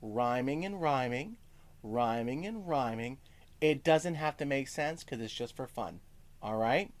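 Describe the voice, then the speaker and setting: A man teaches a music lesson to first graders, taking his time over each word. His voice rises and falls in a lively, animated way. He keeps checking that the children are following along. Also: mid-range voice. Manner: encouraging, talks slowly to young children, sings short lines; lots of "okay?" check-ins.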